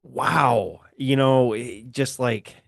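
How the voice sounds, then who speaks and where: A man's voice: medium pitch, very slow, creaky, no echo. A middle-aged man co-hosting a podcast, rambling and reminiscing in a laid-back way. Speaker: podcast co-host. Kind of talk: casual podcast chat.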